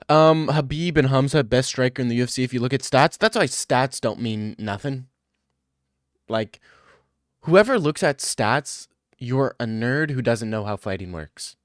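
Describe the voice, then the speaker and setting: Guy rambling and joking around on a podcast, normal pitch, dry close sound. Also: expressive, moderate pace, dry recording. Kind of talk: casual chat.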